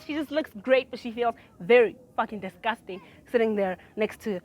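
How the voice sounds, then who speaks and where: Woman with a fairly high voice, telling a casual storytime tale, shifting between quiet asides and sudden loud bursts, with frequent laughter. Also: normal speed, few pauses. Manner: animated, swinging from low mutters to loud outbursts; laughs through her own story.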